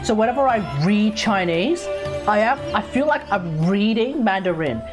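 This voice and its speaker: An Australian woman streams games and chats casually, rambling and often correcting herself, with background music playing. Her medium-pitched voice is animated and moves at a moderate pace.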